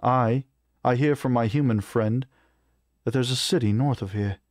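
A man's voice: medium pitch, moderate pace, dry recording, lightly acted. Guy playing a cocky halfling adventurer, smug and teasing, dry close sound. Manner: smug, mocking. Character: cocky male halfling adventurer, sharp-tongued.

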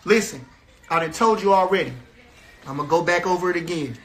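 A man's voice: sits high, fairly quick, fairly bright tone, a little hiss or hum. A man from a boxer's camp delivering a heated, repetitive, trash-talking rant to the camera.

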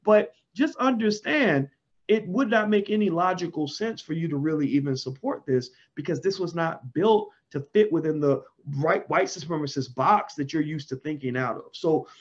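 A man commenting in an impassioned monologue, emphatic, with sudden loud high swings. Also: lively intonation, normal speed. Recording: dull lo-fi sound.

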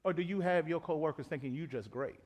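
High-voiced animated preacher. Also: male voice, fast talker, slightly rough. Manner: animated, conversational, calls out to the congregation. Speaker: pastor. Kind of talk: live sermon. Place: church auditorium.

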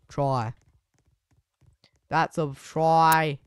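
A young man commentating a live game, switching between muttered asides and sudden excited shouts. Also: fairly high pitch, extremely slow, pauses often, clean tone, no echo. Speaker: sports commentator.

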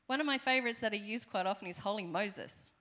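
A woman's voice: medium pitch, moderate pace, a bit bright. A middle-aged woman with an Australian accent preaching a conversational sermon in a church, with playful asides to the congregation. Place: church hall.

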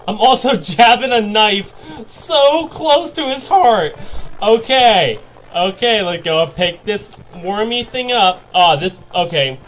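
A man giving jokey let's play commentary, excitable and yelping and laughing as things go wrong. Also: high voice, a little hiss or hum, rough recording. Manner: excitable, yelps and laughs at mishaps. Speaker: gaming video creator.

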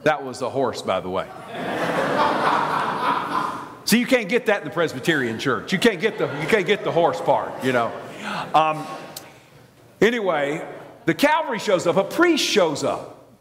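A preacher with a Southern American accent tells his story with lively, theatrical energy. His voice sits somewhat high and leaps up and down as he acts out the scene. The sound carries a long reverb from a large church sanctuary. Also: a little slow, pauses often, a crowd in the background. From Alabama. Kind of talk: sermon.

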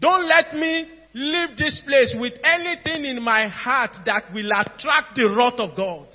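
A man's voice: very high-pitched, measured pace. A man preaching a sermon in a Nigerian accent, earnest, pleading and urgent. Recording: dull, echoey hall with soft music behind.

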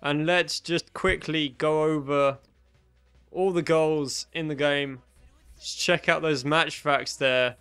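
A young man doing excitable mock sports commentary over a football video game he is playing at home. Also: fairly high pitch, slow, clear, resonant tone, soft background music. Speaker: gaming channel host.

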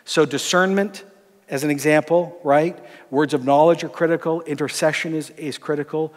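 A man, a pastor, teaching in a conversational sermon style, acting out dialogue from his stories and often dropping to a soft voice. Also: fairly high pitch, fairly even intonation, moderate pace, in a large hall. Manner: conversational, acts out dialogue, drops to soft tones. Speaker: pastor and lecturer.

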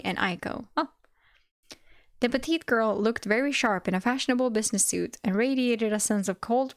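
A woman streaming a live reading of a web novel, breaking off to react with excited exclamations and swearing. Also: mid-range voice, no echo, clean studio sound.

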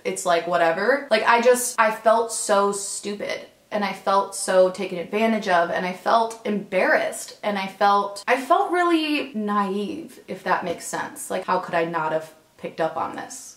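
A woman's voice: mid-range voice, fairly bright tone. A young adult woman telling a personal story to camera, frank and emotional, swearing as she gets worked up. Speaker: vlogger. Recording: roomy echo.

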